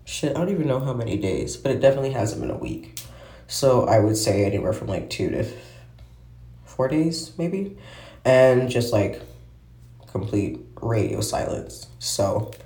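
A man talks through a loose, casual podcast monologue, swearing freely and losing his thread before picking it up again. His voice is mellow and warm. The room around him is echoey. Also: medium pitch. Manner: rambling, swears freely, trails off and restarts. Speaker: podcast host. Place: at home, smoking while recording. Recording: roomy echo.

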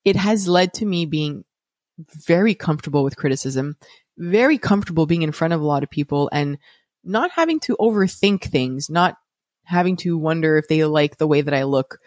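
This parent and podcast host has a low, slightly mellow voice with lively intonation at a normal speed. She tells a personal story frankly and conversationally, with many restarts and light laughs, recorded in clean studio sound with no room noise.

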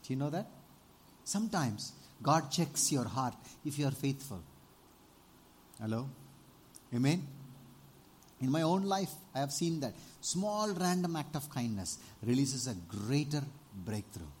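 A man preaching a sermon, animated, often asking the congregation for amens and rising to loud exclamations. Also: mid-range voice, unhurried, pauses often, a little hiss or hum. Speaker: pastor.

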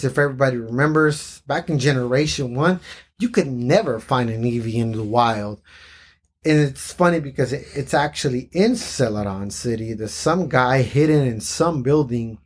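A man co-hosting a casual chat, reading comic panels aloud and often laughing. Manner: laughs often, acts out lines with shifts of pitch. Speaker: podcast co-host.

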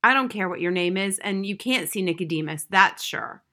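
A stern guard rat barking orders, as a woman reads him aloud. His lines come out loud and clipped, with no patience at all. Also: mid-range voice, animated, normal speed. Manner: curt, commanding. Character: large gruff male guard rat.

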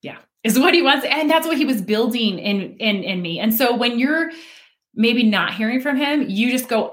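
Earnest woman sharing faith, laughing softly. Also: a little high, lively intonation, normal speed. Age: adult with children. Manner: earnest, with frequent fillers and soft laughs. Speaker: guest sharing her faith testimony. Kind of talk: casual faith talk.

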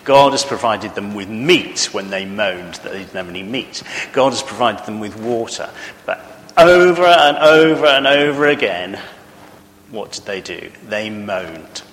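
A man's voice: lowish voice, lively intonation, unhurried, fairly bright tone, long reverb tail. A man preaching a sermon in a church, earnest and conversational, often asking the congregation questions.

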